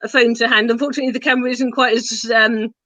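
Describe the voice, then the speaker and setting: Bright-voiced hesitant woman on a video call. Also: fairly high pitch, fairly even intonation, quick pace, no room sound. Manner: hesitant, many fillers and restarts. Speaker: gardening panelist. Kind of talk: casual online show chat. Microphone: video call mic.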